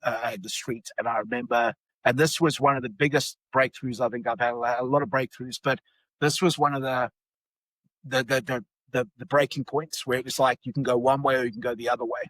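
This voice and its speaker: A man's voice: medium pitch, fairly even intonation, fairly quick, a bit bright, no room sound, low-quality recording. Rambling South African man telling a story. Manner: rambling, many restarts and fillers. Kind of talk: casual storytelling.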